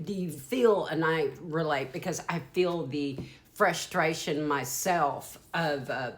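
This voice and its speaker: Low-voiced Southern woman giving a psychic reading. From Deep South, USA. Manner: rambling, stream-of-consciousness, frank and profane. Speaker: psychic tarot reader. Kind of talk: channeled intuitive reading.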